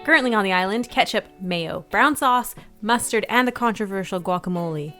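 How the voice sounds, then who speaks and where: A woman's voice: mid-range voice, expressive, fairly quick, a bit bright, faint music behind. A young woman co-hosting a podcast, leading the segments in playful casual banter and often laughing mid-sentence. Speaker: podcast co-host.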